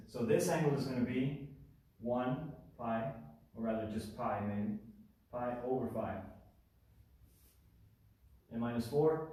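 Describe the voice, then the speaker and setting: Man teaching math, dark mellow voice, casual and self-correcting, heavy room echo from a distant mic. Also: mid-range voice. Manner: thinking aloud, self-correcting, informal asides. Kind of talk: casual whiteboard explanation. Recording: echoey room, mic far off.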